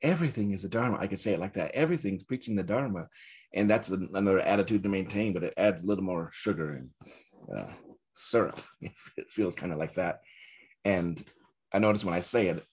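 A man giving a dharma talk as a Zen teacher, reflective and searching, with soft laughs. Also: sits low, fairly quick, breathy edge.

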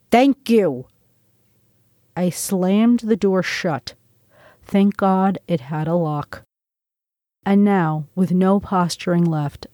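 Brief: woman with a fairly low voice, dry and close, reading her memoir with intense drama. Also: mellow, dry recording. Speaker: memoir narrator. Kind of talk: first-person memoir reading.

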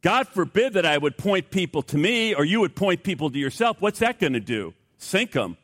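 A male pastor preaching a sermon, swinging between loud outbursts and hushed asides, with rhetorical questions and repeated words. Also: sits high, sing-song, moderate pace. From United States.

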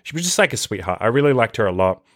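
A man's voice: fairly low pitch, very animated, very fast, a bit bright, dry recording, clean studio sound. A young man and dating coach telling a story in a casual monologue, loose and profane, full of fillers and restarts.

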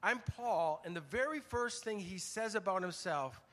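An older man preaching a conversational, storytelling sermon, swinging from loud emphasis to hushed, near-whispered lines. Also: sits high, lively intonation, normal speed. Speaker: pastor. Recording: long church reverb.

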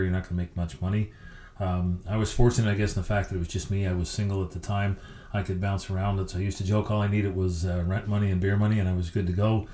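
A middle-aged man, a hockey coach, telling stories as a guest in an interview with a lively, anecdotal delivery. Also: sits low, reverberant, a little hiss or hum. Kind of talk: storytelling interview.

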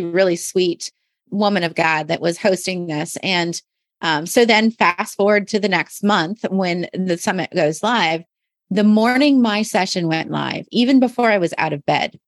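This podcast host has a lowish voice and a dry sound with no room echo. She runs a faith-based business show, speaking earnestly and from the heart while frequently restarting sentences.

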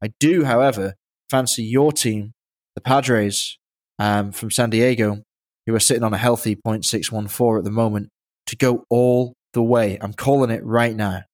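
A man's voice: medium pitch, fairly even intonation, moderate pace. A man with an English accent hosting a podcast, joking in a dry, self-mocking way. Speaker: podcast host. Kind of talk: casual podcast banter.

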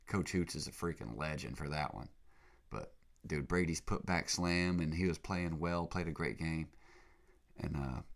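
A young man with a cold, hosting a casual podcast monologue in a rambling, excitable way. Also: a bass voice. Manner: rambling, excitable, full of slang fillers. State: sick, congested. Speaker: podcast host. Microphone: podcast mic.

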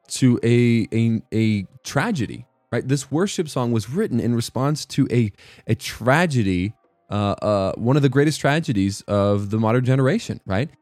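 Here a worship music commentator speaks at medium pitch, his tone a little mellow, with no echo in the recording. His devotional talk is casual and meandering, and he often stops to correct himself. Again and again he asks "right?"

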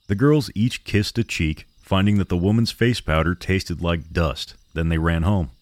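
Male horror-podcast narrator; deep, measured delivery, dry and close. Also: no room sound.

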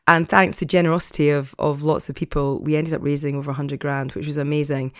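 A woman's voice: low-pitched, dry recording, studio quality. A woman in her late forties or fifties, a former TV presenter, chatting openly about her life with lots of fillers and restarts. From Scotland. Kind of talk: personal storytelling to camera.

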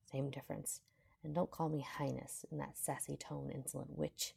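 A woman reading a fanfiction aloud, voicing a rude young barbarian prince who grumbles and swears in a deep, raspy voice. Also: little pitch movement, moderate pace, mellow, heavily acted. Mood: gruff.

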